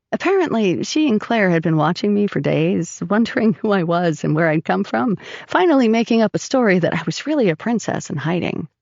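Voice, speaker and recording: A woman reads a first-person audiobook, her voice gravelly and mid-pitched. She tells the story in a measured, even manner. The recording is dry and slightly dull. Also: dry recording. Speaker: audiobook narrator.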